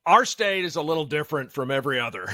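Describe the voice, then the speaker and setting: A man talks as a guest on a radio show. His voice is bright, forceful and fairly high, and he thinks aloud with many fillers and restarts. The sound is dry and close. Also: big pitch swings, fast talker, dry recording. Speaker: law professor guest. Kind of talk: casual radio interview. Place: radio studio.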